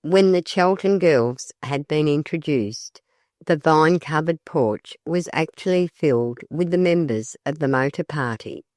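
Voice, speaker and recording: Audiobook narrator, slow, measured, even reading, middle pitch, dry close sound. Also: no echo. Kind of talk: scripted narration of a classic novel.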